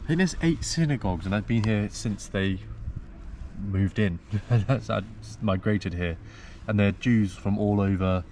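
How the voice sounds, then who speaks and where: A man's voice: lowish voice, measured pace, darkish tone, slight background noise. A young man talking casually to camera as a travel vlogger, rambling as he walks around a city. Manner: rambling, chatty, loose filler-heavy talk. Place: outdoors walking a city.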